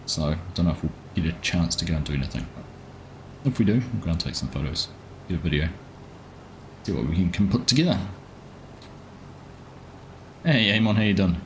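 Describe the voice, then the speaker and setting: A man's voice: sits low, a little hiss or hum. A man hosting a live gaming stream, chatting casually and greeting viewers by name as he plays.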